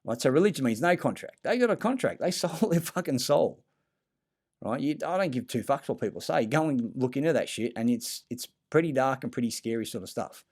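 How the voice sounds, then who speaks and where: Brief: man, mid-pitched, rambling conspiracy monologue, swears a lot, stumbles and restarts. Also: expressive, darkish tone. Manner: profane, halting, many fillers and restarts. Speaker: conspiracy talker.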